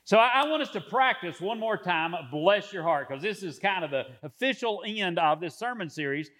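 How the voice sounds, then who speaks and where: A man pastor delivering a sermon from the pulpit, measured, slowing down to stress key words. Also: high voice, animated, a bit bright. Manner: measured preaching with drawn-out emphasis.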